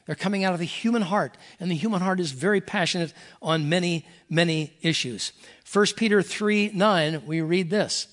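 Older man, pastor, sermon, high pitch, earnest, folksy. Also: moderate pace, a bit bright. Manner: earnest, folksy, reads scripture aloud with emphasis. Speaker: pastor emeritus.

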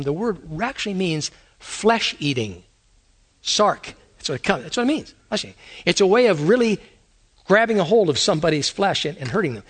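A man's voice: on the high side, fairly bright tone. A man preaching a conversational sermon, asking his listeners many rhetorical questions. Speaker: pastor.

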